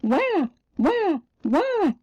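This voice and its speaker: A woman voicing a small, easily frightened little girl who cries in high wails. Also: lively intonation, takes it slowly, mellow. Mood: wailing. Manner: high wailing sobs. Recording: dull lo-fi recording.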